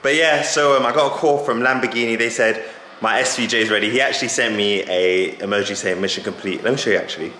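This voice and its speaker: A man talking casually to camera in a vlog, gushing and excitable with quick laughs. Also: lowish voice, roomy sound, a little hiss or hum. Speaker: car vlogger.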